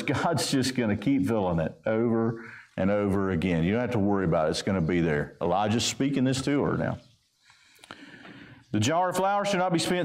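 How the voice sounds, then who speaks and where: A man with a Southern US accent preaches from the pulpit in a medium-pitched voice. He reads long scripture passages aloud and then explains them in a plain, conversational way. The sound carries the echo of a church sanctuary. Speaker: pastor. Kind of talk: sermon with scripture reading.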